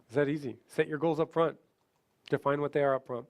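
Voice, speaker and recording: High-voiced man teaching a sales seminar. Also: a little fast. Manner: animated, acts out client dialogue. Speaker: seminar speaker.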